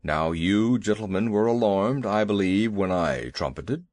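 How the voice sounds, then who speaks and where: A man voicing a timid, grumbling male elephant in a children's audiobook, low and heavy. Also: animated, measured pace, a little mellow, no echo. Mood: fussy. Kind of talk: audiobook character voice.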